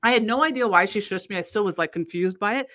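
Animated woman telling a rambling story. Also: fast. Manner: animated, acts out quoted people with jumps in pitch; rambling, many restarts and fillers. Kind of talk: casual anecdote telling.

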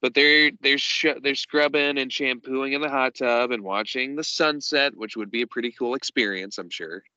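A man co-hosting a podcast, recapping a show in casual chat with dry, deadpan humor. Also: medium pitch, moderate pace, hardly any pauses, dry recording, lo-fi sound. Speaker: podcast co-host. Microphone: podcast microphone.

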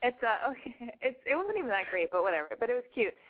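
A woman's voice: on the high side, sing-song, fast. A woman hosting a call-in show, chatting casually in a blunt, joking, rambling way. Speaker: host taking calls. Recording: phone-like lo-fi sound.

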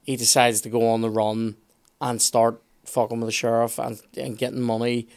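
A man chatting casually on a podcast, opinionated and animated, with some swearing. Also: medium pitch, normal speed. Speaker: podcast guest expert.

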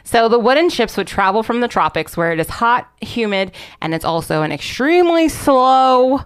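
A young woman casually telling a story on a podcast, animated, swearing and laughing often. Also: fairly high pitch, normal speed, clean tone. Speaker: podcast host presenting research. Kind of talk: casual chat.

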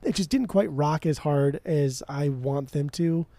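A man's voice: fairly high pitch, unhurried, warm tone, no echo. A man co-hosting a podcast in casual chat, blunt and emphatic, swearing freely. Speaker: podcast co-host.

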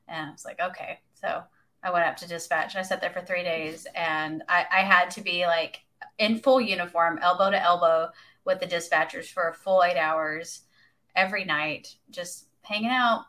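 A woman's voice: lowish voice, a little fast, bright, forceful tone. A woman, a police officer on a podcast, telling her own story in a wry, casual way.

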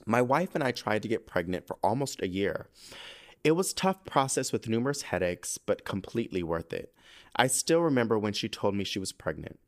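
A young man with a low-pitched voice hosts a podcast in a loose, camp, expletive-peppered chat. His voice swings widely up and down as he tells stories and reads a listener's letter, often near tears. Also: moderate pace. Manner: animated, camp, swears freely, gets emotional while reading. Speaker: podcast host.

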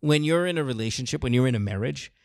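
A man's voice: medium pitch, expressive, fast talker, vocal fry, darkish tone, no echo, studio quality. A man hosting a call-in advice show, blunt and profane with emphatic stresses. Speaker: host. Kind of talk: casual advice chat.

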